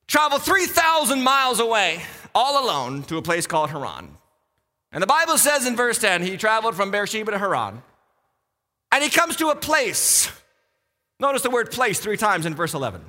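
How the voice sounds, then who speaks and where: A man from western Massachusetts preaches with a high, bright voice, acting out each character as he tells the story. His delivery is lively and animated. The sound rings with the long reverb of a large church hall. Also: a little fast. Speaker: pastor. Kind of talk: sermon. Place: church sanctuary.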